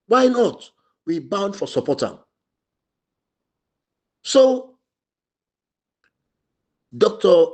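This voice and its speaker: A middle-aged man from Sierra Leone speaks in a Sierra Leonean Krio English accent, his voice sitting at an ordinary middle pitch. He delivers passionate radio commentary, hammering his points by repeating them. His stressed words ring out loud before he sinks back into low murmurs. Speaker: democracy activist commentator.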